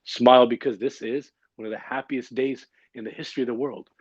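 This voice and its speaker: A man hosts a religious gathering on a livestream. His talk is quick, upbeat and informal, with jokes. The recording is dry and a bit dull. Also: medium pitch, fairly even intonation, husky, dry recording. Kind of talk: casual livestream announcing. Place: online livestream.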